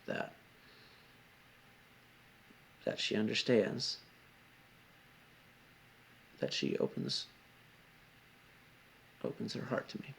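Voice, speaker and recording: A man's voice: fairly low pitch, expressive, slow pace, creaky, long pauses, a little hiss or hum. A man telling a personal story in a confessional vlog, rambling and swearing often, with frequent asides. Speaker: vlogger.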